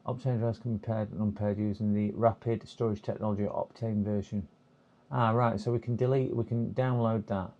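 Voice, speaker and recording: A man's voice: on the low side, fairly even intonation, moderate pace, highs cut off. A man on a live repair stream, thinking aloud and reading instructions half to himself with hesitant fillers. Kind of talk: casual live-stream chat. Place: repair workbench.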